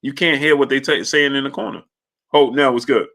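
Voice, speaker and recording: Casting note: a man with a bright, forceful voice hosting a laid-back sports stream, telling rambling stories and greeting chat viewers. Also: mid-range voice, fairly even intonation, brisk. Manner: loose storytelling, shouting out chat viewers by name. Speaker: livestream sports show host. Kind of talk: casual live-stream chat.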